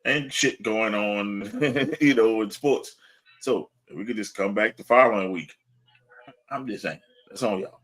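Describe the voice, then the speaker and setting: A man's voice: on the low side, measured pace, fairly bright tone. Laid-back joking man hosting a podcast. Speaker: podcast host. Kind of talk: casual sports podcast chat.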